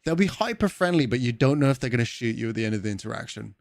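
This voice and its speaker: A man's voice: medium pitch, lively intonation, racing, vocal fry, no room sound, clean studio sound. A man chatting casually with viewers on a game livestream, rambling, swearing and laughing easily. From Wales. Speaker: gaming streamer.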